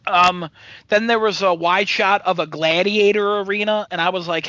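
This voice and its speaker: A high-voiced man rambles through a sarcastic movie recap, full of "um"s and casual swearing. His voice is bright and sharp, and the sound is dry and close to the mic. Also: normal speed, no room sound, rough recording. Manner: rambling, sarcastic, swears freely, many fillers. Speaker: podcast host.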